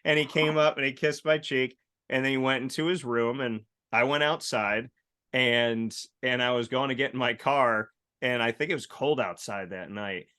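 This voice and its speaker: A man hosting a casual chat show, telling stories in a lively way and acting out the voices of the people in them. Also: medium pitch, moderate pace, clear, resonant tone. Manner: animated storyteller, acts out quoted voices. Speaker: host.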